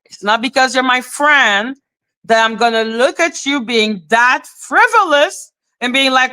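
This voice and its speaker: A woman's voice: sits high, expressive, unhurried, bright, forceful tone, clean tone. A woman hosting a livestream, talking bluntly and profanely in a heated rant to her chat. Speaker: livestream host.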